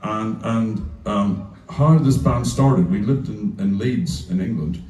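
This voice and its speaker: Irish musician telling stories in a club. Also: male voice, lowish voice, takes it slowly. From Ireland. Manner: animated, acts out voices in quotes, laughs often. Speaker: musician telling anecdotes on stage. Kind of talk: casual onstage storytelling. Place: music venue stage. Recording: echoey club from a distance.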